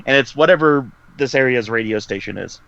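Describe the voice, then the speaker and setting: A man's voice: mid-range voice, a little fast, creaky, fairly bright tone, no echo. Rambling man at a game table, lo-fi. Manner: rambling, laughs often. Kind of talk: casual play narration. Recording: dull lo-fi dry mic.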